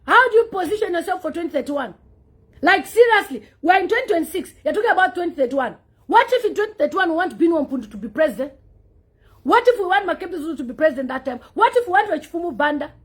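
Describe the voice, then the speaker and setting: A woman's voice: very high voice, big pitch swings, fast talker. A woman delivering heated political commentary, firing off scornful rhetorical questions. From Zambia.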